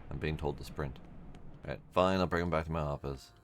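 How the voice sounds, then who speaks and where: A man's voice: rumbling low, steady tone, a little fast, faint music behind. A man streaming a game, giving wry, mumbly running commentary and reading the on-screen text aloud. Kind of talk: casual gameplay commentary.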